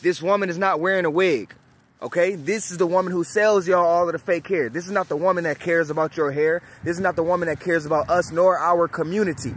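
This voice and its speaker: A man delivers a fervent vlog monologue outdoors, pressing each point with repetition. His voice sits a bit high for a man. Faint street and vehicle noise hums behind him. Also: fairly quick. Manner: emphatic, preaching, repeats phrases for effect. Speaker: vlogger. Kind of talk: impassioned direct-to-camera monologue.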